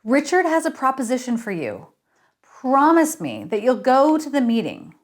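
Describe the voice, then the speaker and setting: A woman's voice: sits high, big pitch swings, normal speed, voice pushed up. A woman voicing a worried female colleague who speaks earnestly and pleads. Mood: pleading.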